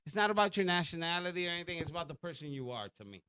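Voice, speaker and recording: A man's voice: fairly high pitch, animated, very fast, bright, forceful tone, clear, resonant tone. A man from Puerto Rico with a Puerto Rican accent, a guest chatting casually on a podcast in a loose, profane way. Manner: loose, profane, full of fillers.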